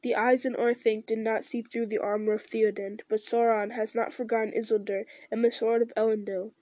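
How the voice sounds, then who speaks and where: A woman voicing a noble, weary male ranger-king in a solemn, measured reading with small slips. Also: a little high, little pitch movement, dark tone, no room sound, lightly acted.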